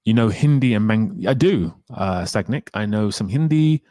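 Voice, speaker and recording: A man hosting a livestream, answering chat questions in a relaxed, rambling way and laughing often. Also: on the low side, moderate pace, no room sound. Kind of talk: casual chat.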